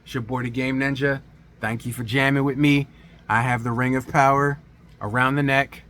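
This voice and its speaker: A man's voice: mid-range voice, little pitch movement, normal speed, a bit bright. A man giving a sarcastic, emphatic movie review as the host of his own channel. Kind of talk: casual review rant to camera.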